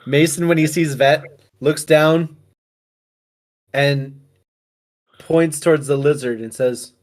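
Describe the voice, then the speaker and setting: Playful, slow-talking man. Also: fairly high pitch, steady tone, darkish tone. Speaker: tabletop game player. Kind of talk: casual game chat.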